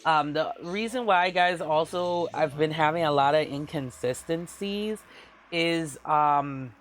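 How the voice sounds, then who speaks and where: A man hosting his own live-stream show, chatting casually with a husky, raspy voice that is hoarse from a flu, rambling with many fillers and frequent laughs. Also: on the high side, slow, fairly bright tone. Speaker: VTuber show host.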